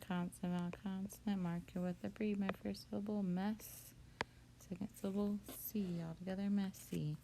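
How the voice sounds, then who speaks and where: A woman teacher walking through a spelling lesson, patient and steady as she breaks words into syllables. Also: on the low side, creaky, slight background noise.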